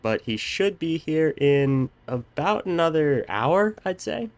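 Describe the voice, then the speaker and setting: A man's voice: a little high, big pitch swings, slow pace. A young man hosting a podcast, telling a story in casual chat with lots of ums. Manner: rambling storytelling with many "um"s. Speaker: podcast host.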